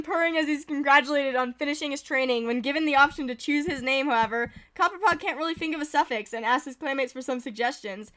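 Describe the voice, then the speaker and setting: A woman's voice: high-pitched, fast talker, few pauses, fairly bright tone. A woman streamer giving casual, giggly commentary as she reads game events aloud.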